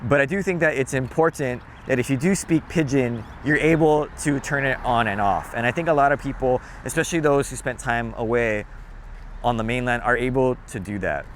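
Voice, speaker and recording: A man from Hawaii with a Hawaiian accent, casually explaining local phrases in a relaxed, chatty vlog. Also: a little fast, slight background noise. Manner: relaxed, chatty, demonstrates phrases with playful low tones. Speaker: vlogger.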